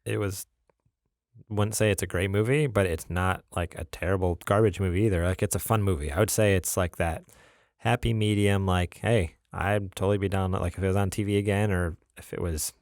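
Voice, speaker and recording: A man with a low, gravelly voice chats loosely on his gaming podcast, full of "like" and "uh" as he rambles along. The sound is dry and close, with no room around him. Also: fairly even intonation, a little fast, darkish tone, no room sound. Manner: easygoing, rambling with many fillers and laughs. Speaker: podcast co-host. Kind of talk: casual chat.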